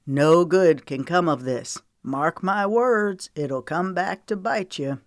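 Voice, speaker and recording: A weary, protective man, as a woman narrator puts him on in an audiobook. He talks bluntly and earnestly in a low register. The recording is close and dry. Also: takes it slowly, dry recording. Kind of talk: audiobook character voice.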